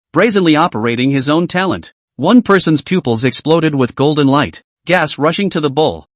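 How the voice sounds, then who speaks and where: A man reading a scripted story recap as narrator, in an even storytelling manner. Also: a little high, dry recording.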